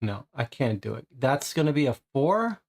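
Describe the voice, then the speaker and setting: A man's voice: medium pitch, sing-song, normal speed. A man streaming a puzzle game, thinking aloud and muttering in frustration as he works through it.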